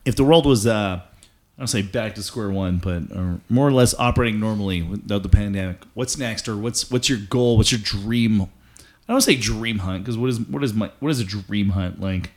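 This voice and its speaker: A man's voice: on the low side, moderate pace. A man from Alberta hosting a casual interview, laid-back and rambling in his questions. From Alberta, Canada. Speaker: podcast host.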